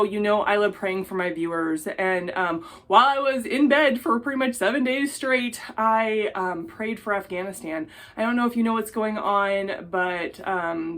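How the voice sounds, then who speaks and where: A woman chatting casually in her jewelry-making vlog, gushing and excitable, and tired after an illness. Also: mid-range voice. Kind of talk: casual tutorial chat.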